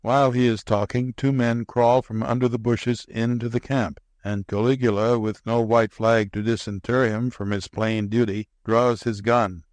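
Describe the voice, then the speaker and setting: A man narrating a classic short story in a measured, unhurried reading voice. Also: mid-range voice, little pitch movement, dry recording. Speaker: audiobook narrator.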